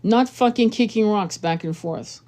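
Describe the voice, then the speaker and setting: A woman's voice: mid-range voice, unhurried, mellow. A woman tarot reader giving blunt, profane relationship advice in a casual monologue.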